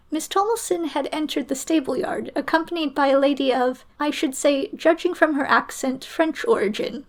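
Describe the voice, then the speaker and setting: A woman reading a story aloud in a measured, expressive way, as a storyteller. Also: high voice.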